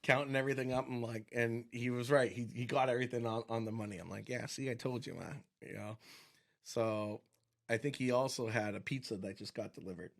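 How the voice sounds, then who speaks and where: A man with a Massachusetts accent hosting a podcast, telling stories in a casual, animated way and laughing often. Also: medium pitch, fairly quick, gravelly. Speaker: podcast host. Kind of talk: casual storytelling chat.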